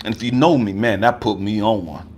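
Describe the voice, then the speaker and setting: A man's voice: fairly low pitch, normal speed, a little mellow, a little hiss or hum. A man, a life coach, giving an impassioned personal testimony in an emphatic, profane, raw and confrontational way. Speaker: life coach and motivational speaker.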